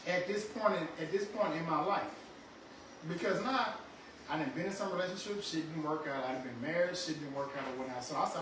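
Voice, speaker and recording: A man co-hosting a podcast, loud and joking, swearing freely and repeating himself as he talks. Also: high-pitched. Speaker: podcast co-host. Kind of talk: casual chat. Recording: echoey room, far from mic, noisy.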